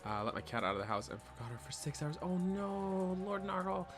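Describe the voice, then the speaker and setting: A man's voice: high-pitched, sing-song, brisk, over music. A man streaming a video game, chatting casually with viewers and joking along.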